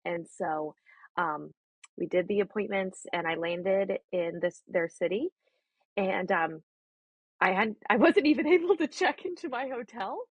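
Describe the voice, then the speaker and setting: Thirties woman chatting on a podcast, husky voice, dry close sound, says like a lot and acts out what people said. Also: mid-range voice, a little slow, no echo, lo-fi sound. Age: 30s. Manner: animated, laughing, lots of "like" and quoted dialogue. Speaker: guest, egg donor. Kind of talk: casual storytelling in a podcast interview.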